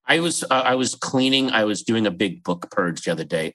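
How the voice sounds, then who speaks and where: Bright-voiced man telling stories eagerly. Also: lowish voice, brisk, poor audio. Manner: animated, enthusiastic storytelling. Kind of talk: casual comedic chat.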